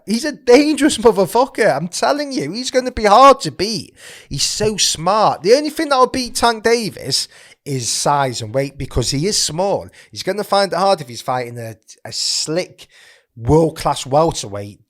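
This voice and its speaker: A man giving his boxing analysis straight to camera, emphatic, often tagging "right?" onto his points, and growing loud and fired up as he praises a fighter. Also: sits high. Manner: emphatic, keeps asking "right?". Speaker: boxing pundit.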